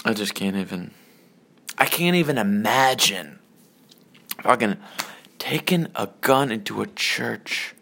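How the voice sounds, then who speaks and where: A man talks loosely about films, in a rambling and profane way. He grows excitable, and at times drops to a hushed mutter. His voice sits a little low. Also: slow, creaky, pauses often. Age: adult. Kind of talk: casual movie rant.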